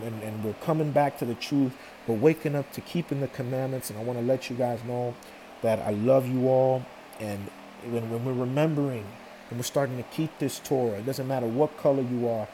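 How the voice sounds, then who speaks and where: A man's voice: mid-range voice, warm tone, a little hiss or hum. A man hosting a faith podcast, reading scripture and preaching in an earnest, heartfelt way, often repeating words.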